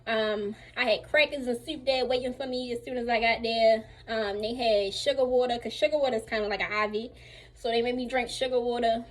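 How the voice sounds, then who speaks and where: A young woman, telling a lively storytime about her surgery recovery at home while still a little sore. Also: a little high, fairly quick. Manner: chatty, animated retelling with acted-out quotes. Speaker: vlogger. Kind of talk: casual storytime while getting dressed.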